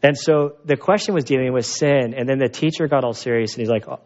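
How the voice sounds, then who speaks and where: A man preaching to his congregation, mixing scripture with stories in a relaxed, conversational way. His voice sits at a middle pitch. The recording sounds a little dull. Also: fairly quick. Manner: conversational storytelling with animated asides. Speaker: pastor. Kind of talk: sermon.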